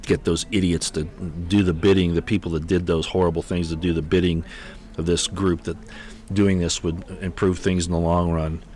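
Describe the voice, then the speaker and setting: A man with a very low voice hosting a livestream. He rambles off the cuff, stumbling and restarting with repeated words, and sounds exasperated. He is on a computer mic. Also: level tone, moderate pace, a little mellow. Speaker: livestream host. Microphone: computer mic on an unsteady connection.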